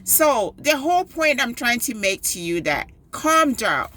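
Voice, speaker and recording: Bright-voiced woman telling a story. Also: a little high, a little slow. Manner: animated, emphatic retelling. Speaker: parent and PTO volunteer. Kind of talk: storytelling advice vlog.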